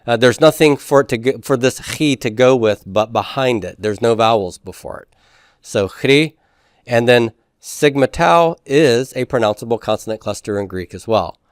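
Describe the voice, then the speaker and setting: A man teaches a Greek class in a smooth, resonant voice at a middle pitch. He works through each rule step by step and keeps checking in with his listeners. The sound is close and dry, with no room echo. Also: normal speed. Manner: explains step by step, often checks with "right?". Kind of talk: classroom lecture.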